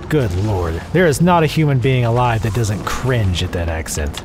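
Over background music, a Southern man with a medium-pitched, lively voice offers casual let's play commentary at a moderate pace with few pauses. Recording on a home desk mic, he's sarcastic and profane, full of rambling asides.

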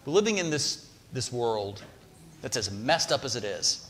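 A man's voice: mid-range voice, very animated, measured pace, a bit bright. A man preaching a sermon in a church, talking conversationally and putting questions to the congregation. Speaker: pastor. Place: church sanctuary. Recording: long hall reverb.

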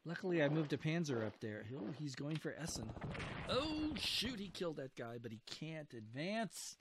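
A man's voice: fairly high pitch, very animated, moderate pace, very noisy. Man groaning and cheering over a wargame. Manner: talks to his units, cheering and groaning at each turn. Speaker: wargame video host. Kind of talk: casual let's-play commentary.

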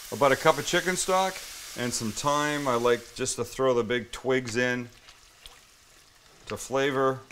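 A man's voice: mid-range voice, fairly bright tone, a little hiss or hum, poor audio. A man hosting a casual cooking demonstration, chatty and enthusiastic as he walks the viewer through each step. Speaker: cooking show host.

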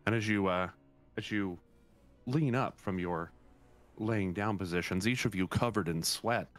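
Serving as game master, a man with a voice on the low side narrates a tabletop game. He speaks in a relaxed, halting way and uses a lot of fillers.

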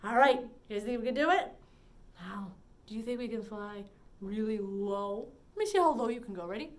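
A woman leading a preschool story time, singing and talking in a bright, sing-song, encouraging way. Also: a little high, a little fast. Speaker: children's librarian.

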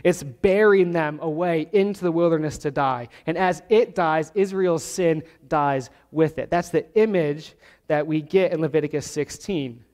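High-voiced pastor preaching in a reverberant church. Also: male voice, a little mellow. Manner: teaching verse by verse, slowing down to stress key words. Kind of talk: sermon. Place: church sanctuary. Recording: long hall reverb.

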